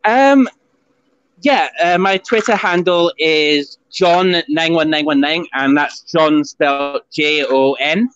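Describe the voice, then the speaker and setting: A man's voice: on the high side, slow pace, fairly bright tone, clear, resonant tone, dry recording, muffled recording. A man with a Scottish accent, a guest in a casual online chat, talking with many fillers and restarts. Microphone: phone.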